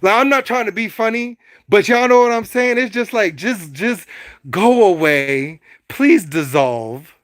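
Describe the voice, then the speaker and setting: A man's voice: high-pitched, animated, measured pace, fairly bright tone, no echo, clean studio sound. A man hosting a casual livestream, talking animatedly and preachily to his chat, often stuttering on repeated words. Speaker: livestream host.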